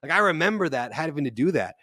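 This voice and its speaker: A man's voice: on the high side, quick pace, dry recording, clean studio sound. A man in his thirties, a podcast guest, telling stories in casual conversation and acting out the people he quotes. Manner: animated storyteller, acts out quotes. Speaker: guest, real estate investor.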